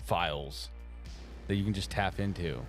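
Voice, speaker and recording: A man's voice: sits low, normal speed, faint music behind. A man co-hosting a live art stream, chatting casually, laughing often and reading viewer comments aloud.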